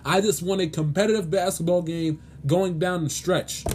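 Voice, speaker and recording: A man's voice: high voice, fairly even intonation, moderate pace, a little mellow, slightly rough. A man hosting his own sports show, ranting in a pleading, exasperated way with lots of restarts and stammers. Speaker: sports podcast host. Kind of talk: solo sports commentary rant.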